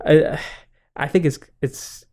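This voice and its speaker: A young man telling a story in casual podcast chat, acting out what others said and laughing often. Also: takes it slowly. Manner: animated storyteller, acts out quotes, laughs often. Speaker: podcast co-host.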